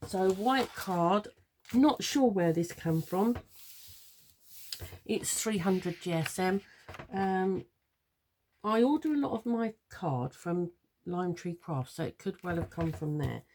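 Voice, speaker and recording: A woman's voice: on the low side, expressive, slow, a little hiss or hum. An English woman with a chatty, rambling way of talking, giving a casual craft tutorial from her craft room at home. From London. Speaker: papercraft tutor.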